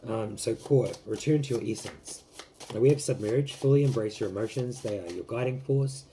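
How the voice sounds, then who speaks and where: A man giving a casual tarot reading to camera, rambling with many fillers and gently emotional, close to tears. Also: medium pitch, moderate pace, slight background noise. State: teary, close to crying. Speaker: tarot reader.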